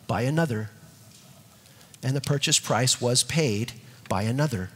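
A male preacher with a somewhat high, husky voice delivers an emphatic sermon that leans on repetition. He sinks into soft, low tones for scripture passages. The sound carries a long hall reverb.

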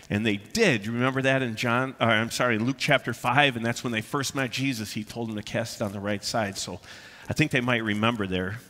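A man preaching a sermon in a bright, forceful voice, his delivery emphatic yet conversational and sprinkled with "uh" fillers. His voice rings out with the long reverb of a big church hall. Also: mid-range voice, fairly even intonation, brisk. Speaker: pastor.

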